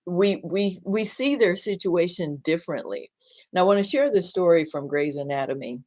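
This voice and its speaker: Earnest, slightly low-voiced woman teaching. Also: lively intonation, a little mellow. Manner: earnest, repeats words and restarts sentences, slows down for emphasis. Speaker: minister and caregiving speaker. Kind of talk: teaching talk with storytelling.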